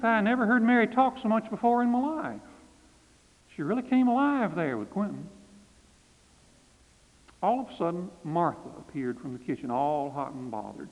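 Male pastor, animated storyteller, higher voice, thin phone-line sound in a reverberant space. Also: vocal fry. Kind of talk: storytelling narration.

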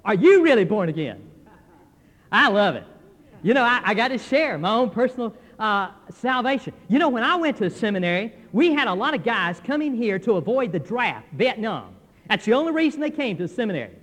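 An older male pastor preaching a folksy, animated sermon, acting out what church members tell him. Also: very high voice, a little fast. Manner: folksy, animated preaching with quoted voices and laughs. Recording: long hall reverb.

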